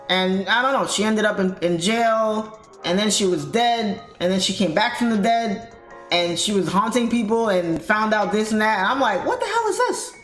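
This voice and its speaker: A young adult woman hosting a live trading stream in a casual, animated, chatty way, reading viewer comments aloud. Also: mid-range voice. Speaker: trading livestream host. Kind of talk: casual livestream chat while trading. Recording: roomy echo with faint music behind.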